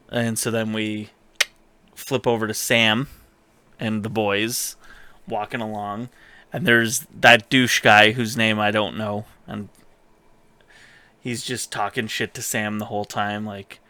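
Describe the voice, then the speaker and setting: Man, casual podcast chat, rambling recap, bright tone, crisp and dry close sound. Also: fairly low pitch, little pitch movement, no room sound. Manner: rambling, quotes characters in quick asides, many fillers. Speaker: podcast co-host recapping a TV episode.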